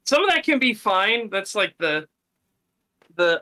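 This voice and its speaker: A man's voice: sits high, big pitch swings, a little slow, sharp tone. A man co-hosting a stream, chatting casually and animatedly while reacting to a video, often laughing and mimicking voices. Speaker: streamer co-host.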